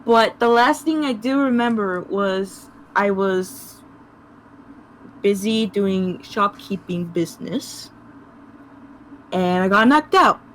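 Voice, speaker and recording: A woman's voice: medium pitch, lively intonation, slow pace, long pauses, fairly bright tone, a little hiss or hum, rough recording. A woman playing an awkward tiny shopkeeper. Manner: awkward and giggly.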